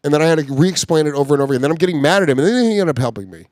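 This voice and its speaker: Comedy podcast dude ranting and cursing thru a story, laughs a lot, kinda high voice, dead dry mic. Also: male voice, lively intonation, racing, a little mellow, dry recording. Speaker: podcast co-host. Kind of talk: casual comedic chat.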